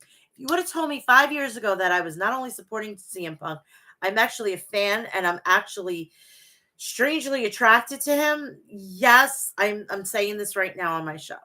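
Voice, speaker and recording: Bright-voiced woman in her forties chatting wrestling. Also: medium pitch, lively intonation, moderate pace. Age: 40s. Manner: profane, gushing and rambling. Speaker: wrestling podcast host. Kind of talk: casual chat reading live chat.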